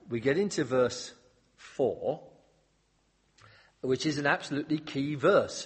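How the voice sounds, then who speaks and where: A man preaching an animated expository sermon, mixing humorous asides into his teaching. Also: mid-range voice, husky. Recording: long hall reverb.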